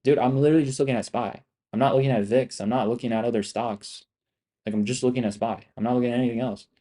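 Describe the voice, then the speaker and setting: A man's voice: medium pitch, fairly even intonation, fast, dark tone. A young man live-streaming his trading, talking casually to his chat in a rambling, profane, boastful and repetitive way. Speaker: live-streaming options trader.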